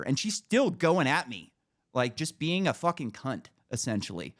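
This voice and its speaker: A man co-hosting a podcast tells a story in a loose, swearing way. His pitch jumps widely as he acts out each voice in the tale. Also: normal speed. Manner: animated, profane, acts out dialogue. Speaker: podcast co-host. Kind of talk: casual storytelling.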